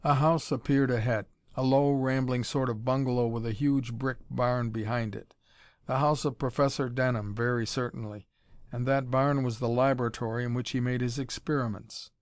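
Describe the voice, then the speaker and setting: A man narrating an audiobook in an even, measured reading voice. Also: medium pitch, dry recording. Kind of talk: scripted narration.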